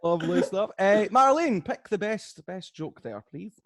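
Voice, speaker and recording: A man's voice: high voice, animated, measured pace, no room sound. A man hosting a comedy game show over a video call, teasing the players and laughing at his own jokes.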